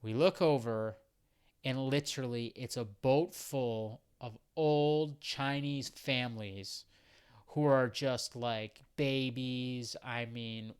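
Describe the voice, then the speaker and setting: A man's voice: mid-range voice, takes it slowly, clear, resonant tone. Young man telling a profane, rambling travel story. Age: young adult. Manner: profane, rambling, frequent fillers. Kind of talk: casual anecdote.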